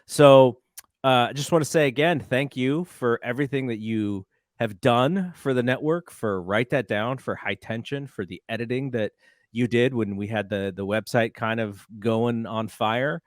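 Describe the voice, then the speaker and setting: A man's voice: mid-range voice, normal speed, no echo. Friendly male podcast host, dry sound. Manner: friendly, appreciative, interviewing. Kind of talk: casual podcast chat.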